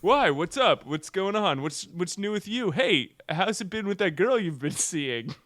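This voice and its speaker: A man's voice: sits high, sing-song, a little slow, a bit bright, no room sound, pitched above the performer's own voice, heavily acted. A man voicing a pushy, overly casual male psychic creature as a comedy bit on a podcast. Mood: needling, casual.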